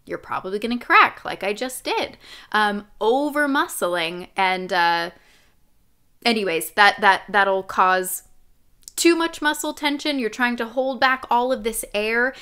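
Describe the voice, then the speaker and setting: Bright, slow-spoken woman vocal coach. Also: fairly high pitch. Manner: explains clearly, demonstrates sung sounds and hums. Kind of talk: live online singing lesson.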